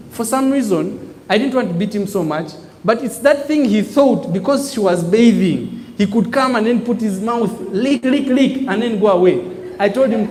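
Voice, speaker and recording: A man's voice: high voice, normal speed, a little hiss or hum. A man giving a motivational business talk to a live audience, calling out prompts for the crowd to answer. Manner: call-and-response preaching, emphatic, animated. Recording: echoey hall with long reverb.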